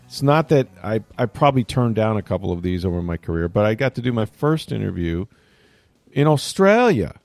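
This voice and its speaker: Middle-aged guy on sports talk, low voice, rambly and casual, dry close mic. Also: sing-song, a little fast, creaky, a little mellow, no room sound, faint music behind. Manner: rambling, self-interrupting storyteller. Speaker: sports talk show host. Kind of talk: casual chat.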